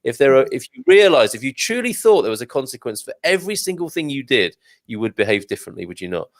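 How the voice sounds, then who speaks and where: Male host, gravelly tone, dry close sound, casual and chatty, reads comments with off-the-cuff asides. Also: mid-range voice, big pitch swings, fast talker, no echo. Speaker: show host reading viewer comments. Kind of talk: casual live-stream chat.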